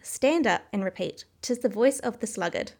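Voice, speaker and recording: A woman's voice: on the high side, expressive, normal speed, vocal fry, breathy edge, full character voice. Woman reading as the impatient, bossy Griffin. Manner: impatient, commanding. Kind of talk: storybook reading.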